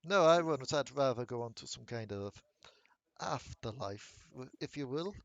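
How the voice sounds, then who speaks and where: A stuffy ghost gentleman, as a man puts him on, clipped and disdainful in a mid-pitched voice. He sounds close and dry, with no room around him. He is a tabletop game character. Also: expressive, normal speed, gravelly, no room sound, lo-fi sound. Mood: haughty. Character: posh stuffy male ghost gentleman, haughty.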